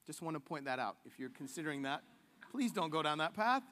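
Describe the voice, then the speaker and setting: A man's voice: on the high side, sing-song, a little fast, fairly bright tone, big-room sound. A man preaching a sermon in a casual, joking way, acting out the voices he quotes. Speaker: pastor.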